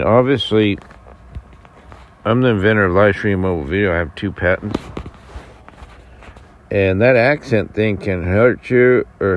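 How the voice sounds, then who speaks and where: An American man ranting to camera in a rambling, profane way, full of fillers and restarts. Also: deep voice. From United States. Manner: halting with many fillers and restarts. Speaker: vlogger. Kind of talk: casual rant to camera.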